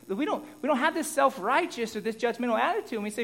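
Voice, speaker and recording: A man preaching a sermon in a conversational way, often checking in with his listeners and moving between loud emphasis and quiet asides. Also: very high voice, animated, fast, hardly any pauses. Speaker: pastor.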